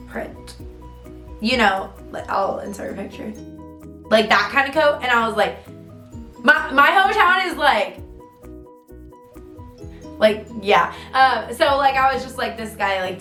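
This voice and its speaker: A woman's voice: a little high, fairly bright tone. A young woman vlogging casually, chatty and full of fillers, with dramatic swings in her storytelling. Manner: chatty, many fillers, dramatic ups and downs. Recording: roomy sound with faint music.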